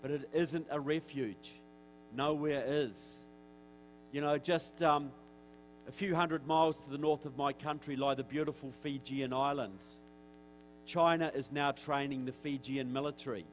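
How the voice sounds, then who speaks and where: A man with a New Zealand accent giving a direct, forceful speech to an audience in a church, with wry asides. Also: medium pitch, fairly even intonation, a little slow, slight background noise, low-quality recording. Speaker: guest speaker. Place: church hall.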